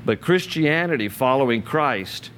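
A man's voice: medium pitch, animated, a little slow, a bit bright, slight background noise. A man preaching a sermon, reading scripture aloud and explaining it in an earnest, conversational way. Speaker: pastor.

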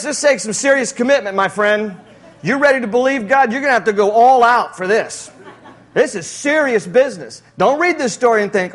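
A male pastor preaching a sermon in an animated, jokey way with frequent laughs. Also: high voice, normal speed.

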